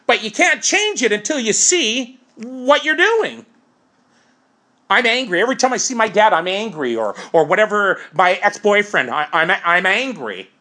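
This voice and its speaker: Woman sharing recovery steps, lively pitch. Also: moderate pace. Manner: conversational, explains through first-person examples. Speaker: recovery program speaker. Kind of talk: informal talk on recovery steps.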